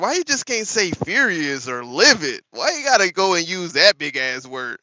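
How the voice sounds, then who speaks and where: Animated laughing man in his thirties. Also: sits high, moderate pace, hardly any pauses, no room sound. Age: 30s. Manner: animated, laughing, talks to the chat. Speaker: host. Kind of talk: casual live-stream commentary.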